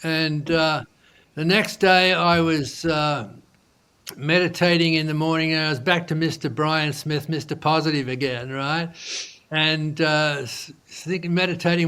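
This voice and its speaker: Man with a fairly high voice, casual interview storytelling, lots of fillers and restarts. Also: unhurried, clear, resonant tone. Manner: animated storyteller who acts out quoted dialogue; loose, restarting speech with many fillers. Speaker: entrepreneur guest.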